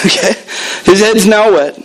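A man's voice: high voice, takes it slowly, low-quality recording. A man preaching a sermon in a church, telling stories and acting out the people in them. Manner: animated storytelling with acted quotes.

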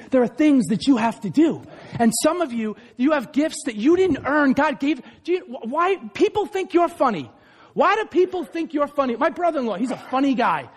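A male pastor delivers an energetic sermon, pushing from shouted peaks down to quiet, confiding asides. His voice sits very high and sounds husky. The sound carries a long echo from a large hall. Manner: loud, passionate, swings between shouting and low asides. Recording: echoey hall.

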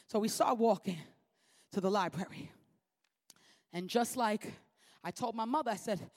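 A woman preacher delivers her sermon with a high voice. She drives her points home through repetition and a strong, emphatic cadence. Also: lively intonation, moderate pace, long pauses.

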